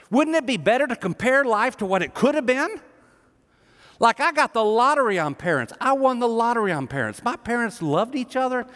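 A man's voice: extremely high pitch, big pitch swings, a little fast, a bit bright. A man preaching a sermon to a congregation, talking in an emphatic, conversational way. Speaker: pastor. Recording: long hall reverb, live sermon.

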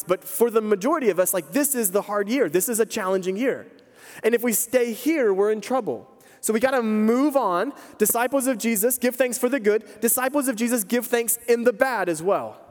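A man's voice: high-pitched, a little mellow. A man preaching a sermon as pastor, telling a story in a conversational, emphatic way. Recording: long hall reverb.

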